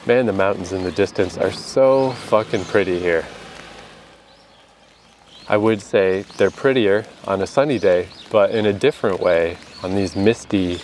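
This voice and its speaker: With a low, darkish voice and a measured pace, a Canadian vlogger talks casually to the camera as rain falls around him. There's slight background noise, and his monologue mixes frequent laughter with occasional swearing.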